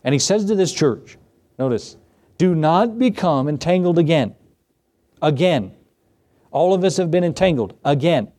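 A man's voice: a little high, expressive, normal speed, pauses often, warm tone. A male pastor preaching a sermon in a conversational way, with rhetorical questions and repeated phrases.

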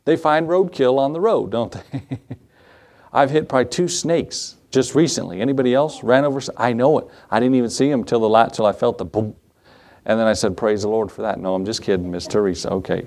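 A man's voice: medium pitch, a little mellow. Man preaching a sermon with joking asides. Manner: conversational, quizzes the congregation, joking asides. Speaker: pastor. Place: church.

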